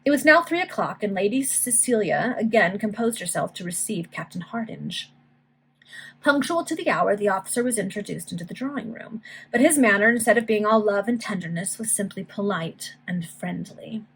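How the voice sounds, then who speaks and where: A woman reads a Victorian novel aloud in an unpolished, friendly amateur style, now and then pausing for asides. Her voice has a husky, breathy edge at a middling pitch. She is heard through a video call mic. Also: animated, low-quality recording. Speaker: reader.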